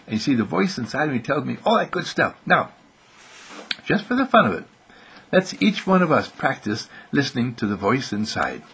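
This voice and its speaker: A man telling a playful bedtime story to children in an animated, sing-song way, slipping into little voices and easing toward sleep. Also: medium pitch, normal speed, vocal fry, a little hiss or hum. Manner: soothing and soft when winding down to sleep.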